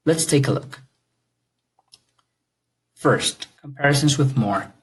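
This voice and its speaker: A man's voice: mid-range voice, husky, low-quality recording. A man teaching an English grammar lesson, explaining patiently and checking understanding with questions.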